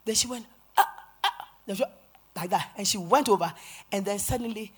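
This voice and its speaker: Husky-voiced woman preaching a lively sermon. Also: medium pitch, a little fast. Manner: animated storytelling, acting out quotes, rising to shouts. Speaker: pastor. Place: church sanctuary.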